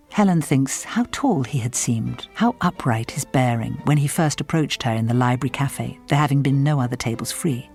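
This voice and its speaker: A woman narrating a literary novel in an audiobook, with measured, even storytelling. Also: extremely low pitch, husky, no room sound, soft background music.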